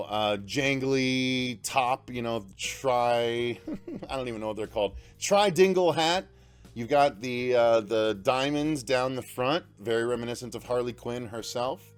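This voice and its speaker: A man hosting a casual unboxing vlog, excitable and gushing, often stumbling over his words. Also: medium pitch. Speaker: channel host.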